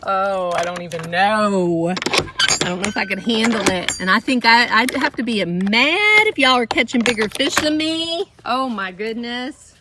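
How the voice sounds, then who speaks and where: The background is noisy with chickens and a rooster as a woman, a homesteader filming a vlog, chats casually during her outdoor chores by the coop. She laughs often, and her pitch sits fairly high.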